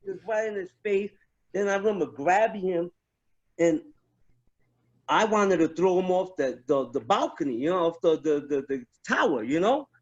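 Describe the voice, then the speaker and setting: A fairly high-voiced man tells stories from his army days in a loose, profane chat, piling on restarts as he goes. The recording sounds dull and lo-fi. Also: moderate pace. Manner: profane, animated, many restarts. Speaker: guest, army veteran. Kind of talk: casual storytelling chat.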